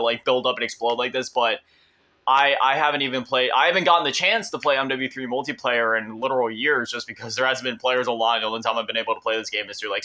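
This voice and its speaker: A man's voice: mid-range voice, bright, forceful tone. A young man giving casual, emotional commentary over gameplay of an old shooter, rambling and often restarting his sentences. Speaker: gaming YouTuber.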